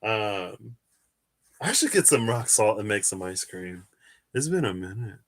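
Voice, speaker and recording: A man's voice: lowish voice, lively intonation, a little slow. A man hosting a live tarot stream, chatting casually and answering viewers' questions as he wanders through his thoughts.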